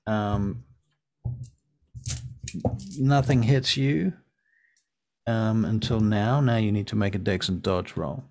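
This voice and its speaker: A man narrating as game master of a tabletop game, casual and halting, with frequent ums and restarts. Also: lowish voice, darkish tone, a little hiss or hum.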